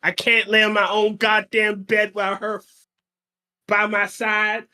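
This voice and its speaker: A man with a high-pitched voice talking casually on a podcast. He rambles and stumbles, repeating words as he gets his thoughts out. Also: monotone, unhurried, sharp tone. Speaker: podcast co-host.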